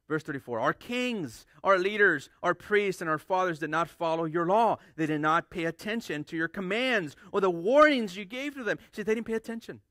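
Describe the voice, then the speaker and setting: A man with a high, bright voice delivers a sermon as pastor, hammering points home by repeating phrases. He often stumbles and restarts words as he goes. The sound is close and dry. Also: expressive, fast, hardly any pauses, no echo. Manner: emphatic, repeats key phrases for stress.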